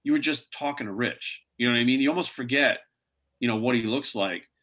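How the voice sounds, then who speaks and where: A man's voice: medium pitch, brisk, fairly bright tone. A man as a podcast guest, telling rambling anecdotes in casual interview talk, full of "like" and "you know".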